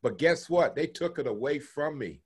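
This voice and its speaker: An older man from Texas being interviewed, telling long stories from his life with chuckles and lively quoted voices. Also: a little high, moderate pace, breathy edge. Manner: animated storyteller, chuckles, acts out quoted voices. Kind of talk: oral history storytelling.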